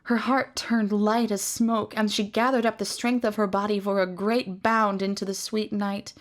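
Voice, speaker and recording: A woman reading a fantasy novel aloud in a measured, expressive storytelling manner. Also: mid-range voice. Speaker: reader.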